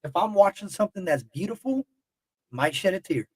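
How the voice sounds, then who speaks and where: A man's voice: high voice, sing-song, fairly quick, darkish tone, slightly rough, dry recording. A man hosting a casual livestream to his chat, talking bluntly and heatedly with lots of swearing and rambling. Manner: emotional and heated. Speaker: YouTube livestream host.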